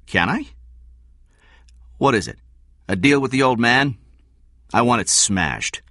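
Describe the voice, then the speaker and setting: A man voicing a scheming, insistent male company director who pushes hard and angers quickly, in a read story. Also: medium pitch, very animated, bright, forceful tone, no room sound, studio quality, pitched above the performer's own voice, exaggerated voice. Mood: wheedling.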